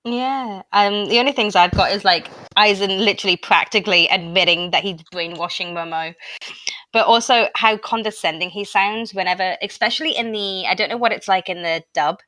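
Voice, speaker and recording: A Scottish woman talking through details in casual podcast chat, laughing now and then. Her voice is bright and clear, recorded dry and close to the mic. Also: mid-range voice, fairly quick, no echo. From Scotland. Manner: chatty, explains details, laughs often. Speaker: podcast co-host.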